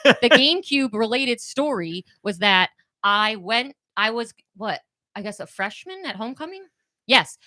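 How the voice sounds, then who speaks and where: A woman in her thirties with a fairly high, bright voice, chatting on a podcast. She tells stories in a loose, casual way and breaks into laughter often. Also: animated, moderate pace. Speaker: podcast guest, host's younger sister.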